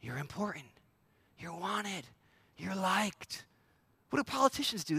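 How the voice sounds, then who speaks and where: A male pastor with a high, bright voice delivers a sermon in a loose, conversational way. He slips into little acted-out voices for the people he quotes. The sound is close and dry. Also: no echo.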